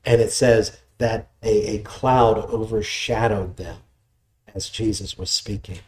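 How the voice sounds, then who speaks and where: A man's voice: fairly low pitch, steady tone, measured pace. A man preaching a sermon, explaining scripture in a conversational, teaching way. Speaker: pastor.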